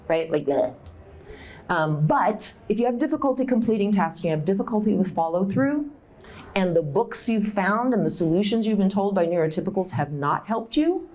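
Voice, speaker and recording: A middle-aged woman giving a live workshop talk at a conference, direct and encouraging, laughing often and jumping into high voices to act out inner thoughts. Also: moderate pace. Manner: animated, acts out inner voices with big pitch jumps. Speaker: conference speaker. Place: conference room.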